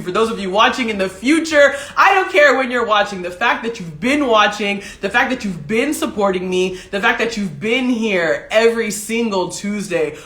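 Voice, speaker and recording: Talking solo to her livestream audience, this woman is emotional, tearful, and gushing. Her mid-range voice is a bit bright, picked up by a desk mic beside a ring light, and the sound is roomy.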